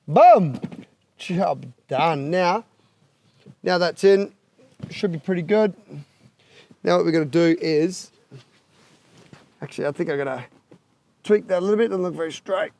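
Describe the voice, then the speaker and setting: A man with an Australian accent and a voice on the high side cracks larrikin jokes through a casual how-to install video, laughing at himself as he fumbles. A little hiss or hum can be heard.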